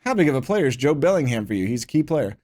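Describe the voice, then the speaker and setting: Fast and darkish in tone, this man's medium-pitched voice swings widely in pitch. While streaming a football management game, he chats loosely, reading prompts aloud and reacting to them.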